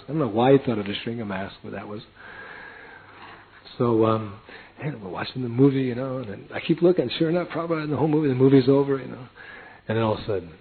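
An older man telling a personal story, animated and often laughing as he acts out voices and chanting. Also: on the low side, fast, pauses often. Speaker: devotee recounting a personal story. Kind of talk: anecdotal storytelling talk. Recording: tinny phone-like lo-fi audio.

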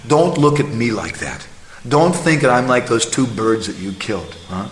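A man's voice: medium pitch, expressive, moderate pace, faint music behind, natural voice. A man voicing a devoted, firm housewife. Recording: echoey hall, faint ambience.

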